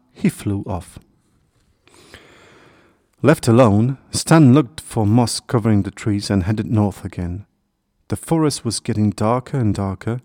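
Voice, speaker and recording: Man, storybook narrator, calm and even, warm mellow voice, dry close recording. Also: on the low side, no room sound.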